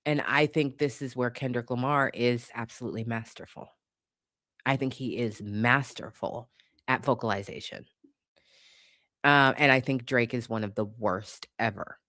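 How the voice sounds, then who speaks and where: A woman's voice: very deep voice, a bit bright, no room sound. Blunt, profane woman ranting, dry sound. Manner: emphatic, repeats points for force. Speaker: commentator. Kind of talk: casual opinion rant.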